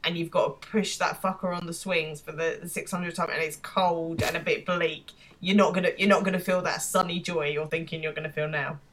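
English woman, 30s, wry complaining podcast chat, lowish voice. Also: fairly even intonation, a little fast, few pauses, a bit bright, slight background noise. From England. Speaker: podcast co-host. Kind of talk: casual chat.

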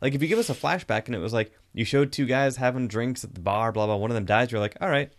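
Animated man reviewing a movie. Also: mid-range voice, fast. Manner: animated, rambling, self-correcting. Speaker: podcast co-host. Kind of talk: casual movie review chat.

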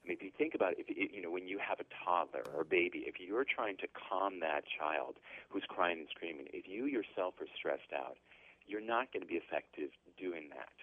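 A man's voice: sits low, no room sound. A middle-aged man, a guest author, explaining ideas earnestly in a casual interview over the phone, often restarting his sentences. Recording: tinny phone line.

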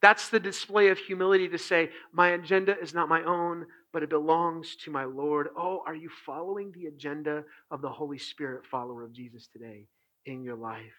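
A man preaching a sermon as pastor, moving between hushed, slowed passages and loud, impassioned ones. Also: fairly high pitch, fairly even intonation, poor audio.

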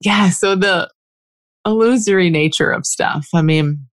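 A woman's voice: fairly low pitch, a little slow, no echo. Dry-sounding woman podcast host, musing. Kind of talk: casual conversation.

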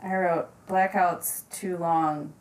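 A woman guesting on a podcast, answering in a slow, understated way. She sits a little back from the mic. The room adds a roomy echo to her voice. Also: on the low side, steady tone, recorded from a distance. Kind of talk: casual chat.

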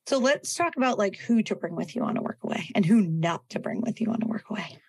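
A woman's voice: mid-range voice, expressive, quick pace, darkish tone, breathy edge. Chatty woman podcast co-host. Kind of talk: casual podcast chat.

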